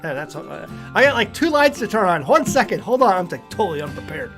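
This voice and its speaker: A man's voice: high voice, sing-song, fast, loud music behind the voice. A middle-aged man from the United States hosting a casual livestream, chatty and rambling as he reads out where viewers are tuning in from. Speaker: livestream host.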